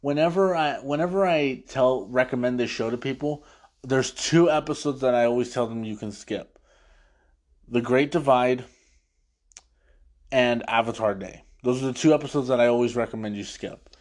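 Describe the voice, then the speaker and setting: A man on an after-show, recapping an episode in casual talk, laughing often and slipping into quick funny voices for the lines he quotes. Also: mid-range voice, darkish tone. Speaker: podcast host recapping an episode.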